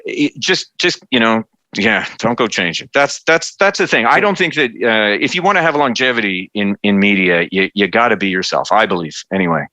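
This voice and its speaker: Middle-aged Canadian male guest, lively, halting chat, bright dry tone. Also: lowish voice, no echo. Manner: animated, stumbling restarts, acts out quotes. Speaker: federal cabinet minister, interview guest. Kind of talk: casual interview chat.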